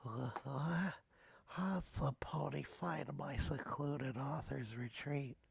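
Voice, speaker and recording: A man's voice: medium pitch, takes it slowly, creaky, slightly rough, no room sound, exaggerated voice. Man voicing a shy, stammering pony author. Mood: skittish. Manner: timid, stammering, fancy words. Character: shy, anxious female pony author, wordy. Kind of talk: reading game dialogue aloud.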